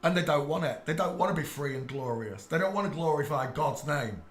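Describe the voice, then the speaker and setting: An English man ranting on a live stream, preachy and irate, swearing and bursting into shouts at his chat. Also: on the high side, lively intonation, fairly quick, reverberant.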